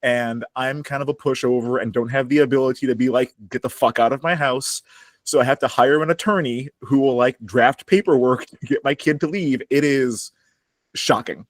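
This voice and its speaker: A man's voice: medium pitch, moderate pace, no room sound. A wry, talkative man from Chicago co-hosts a casual podcast, laughing easily between remarks. His voice sits mid-range and sounds dry and close, with no room around it. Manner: chatty, laughs often, wry. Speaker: podcast co-host. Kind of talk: casual chat.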